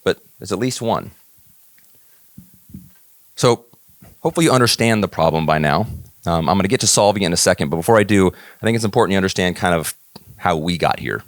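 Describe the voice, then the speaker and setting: Deep-voiced man telling a story on stage. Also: lively intonation, fairly quick, pauses often, no room sound. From Northern California. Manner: storytelling, acting out dialogue with rising emphasis. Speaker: keynote speaker. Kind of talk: motivational talk to an audience.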